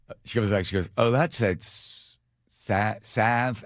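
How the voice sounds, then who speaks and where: A middle-aged man hosting a radio show, telling a story in a casual, animated, self-mocking way. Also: sits low, a little slow, no echo, studio quality. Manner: animated, self-mocking, laughs at his own stories. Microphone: studio microphone.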